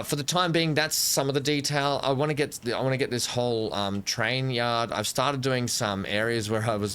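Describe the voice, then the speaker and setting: A man's voice: mid-range voice, a bit bright, clean tone. A man giving casual let's-play commentary at a desk microphone, thinking aloud and correcting himself as he builds. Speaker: gameplay commentator.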